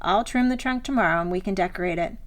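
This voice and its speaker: A woman's voice: medium pitch, fast talker, natural voice. A woman reading an easygoing, teasing husband. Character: affectionate adult male husband, easygoing and teasing. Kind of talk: audiobook dialogue reading.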